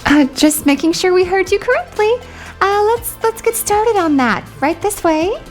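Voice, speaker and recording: A woman voicing two cheerful young sisters who run a pet rescue in a doll-play story, bright and politely chirpy. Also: very high-pitched, expressive, moderate pace, soft background music, voice pushed up.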